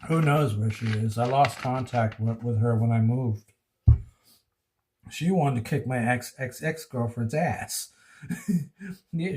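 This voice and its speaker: A man's voice: mid-range voice, a little mellow. Rambling man venting on a phone vlog. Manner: rambling and repetitive, venting about relationships. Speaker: vlogger. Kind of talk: emotional personal vlog.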